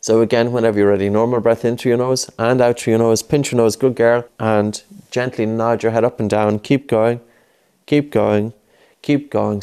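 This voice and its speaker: A man's voice: medium pitch, steady tone, moderate pace, dark tone, smooth. A man coaching a child through breathing exercises, patient and coaxing, repeating his cues. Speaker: breathing instructor. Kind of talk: guided breathing lesson with a child.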